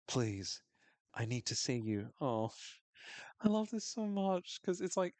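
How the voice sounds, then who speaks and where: A man's voice: on the low side, smooth, no echo. A man hosting a podcast, recapping a TV episode in casual chat, swearing freely and acting out characters' lines in funny voices.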